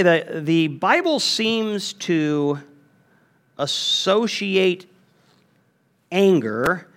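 A man delivers a sermon with an animated, emphatic manner, often restarting his phrases. His voice sits a little high and swings widely in pitch. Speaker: pastor.

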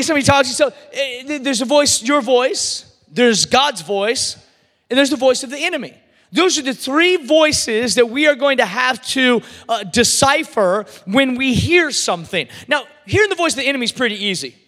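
A man preaching with a very high, bright and forceful voice. He surges into shouts and then drops almost to a whisper. His words ring out with the long reverb of a big church hall. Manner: animated preaching, swinging from shouts to near-whispers. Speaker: pastor. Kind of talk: sermon. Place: church service.

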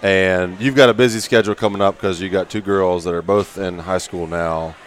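A low-voiced man rambles and jokes his way through casual podcast talk. He often repeats himself as he builds to a point. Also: fairly even intonation, normal speed. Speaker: podcast co-host.

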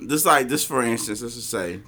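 A man's voice: medium pitch, animated, moderate pace, pushed and bright, breathy edge. A man co-hosting a podcast in casual chat, laid-back and chuckling as he talks. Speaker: podcast co-host.

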